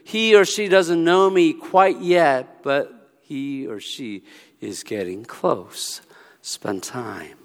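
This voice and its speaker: A man voicing Jesus as a gentle, loving figure, speaking softly and slowly. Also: on the high side, big-room sound. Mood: tender.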